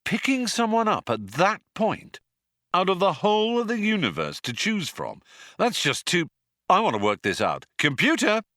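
A swaggering spaceship captain, as a male narrator puts him on drawls loud and careless, acting dumber than he is. The voice swoops up and down a lot, with a bright, sharp tone. It is recorded close and dry. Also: high-pitched, huge pitch swings, moderate pace, dry recording, voice pushed up, full character voice. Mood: offhand. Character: vain, scatterbrained male spaceship captain, playing dumb.

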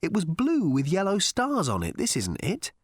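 A man voicing an anxious, bewildered young Englishman in an audiobook, with a plaintive, high-strung manner. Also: huge pitch swings, moderate pace, husky, dry recording, clean studio sound, heavily acted. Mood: plaintive fussy. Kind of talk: audiobook character voice.

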